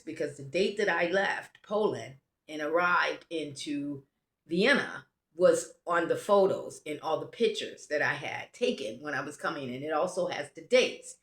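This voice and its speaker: An American travel vlogger speaks in a deep, expressive, fairly bright voice at a moderate pace. Her casual travel story wanders, with self-interruptions and restarted sentences, and the room gives a spacious echo.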